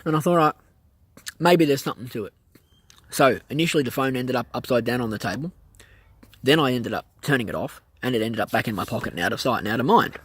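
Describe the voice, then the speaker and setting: A man telling a personal story in a casual vlog, animated and acting out the voices of people in it. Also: medium pitch, quick pace, husky, dry recording. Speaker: vlogger, pilot.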